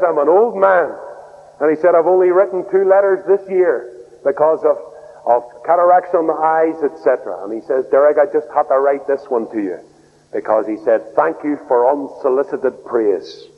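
A man preaching a sermon, swinging between loud raised outbursts and low, soft lines. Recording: tinny phone-like radio broadcast in a hall.

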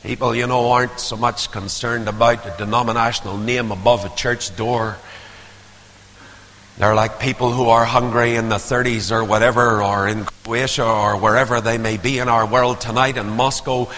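Preacher in an echoing hall. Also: male voice, medium pitch, steady tone, moderate pace. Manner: dramatic swings from hushed to loud. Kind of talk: sermon. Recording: long hall reverb.

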